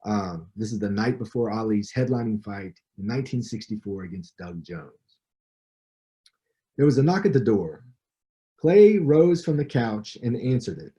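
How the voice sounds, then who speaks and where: A man's voice: lowish voice, expressive, moderate pace, mellow, dull audio. A man, the author, reading from his book and adding commentary in a conversational storytelling way.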